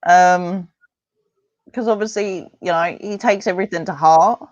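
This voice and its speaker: A chatty woman with a fairly low voice tells stories in a rambling, lively way. Her sound is dry and a bit dull, as if from a lo-fi line. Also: unhurried, no room sound. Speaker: parent guest. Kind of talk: casual interview chat.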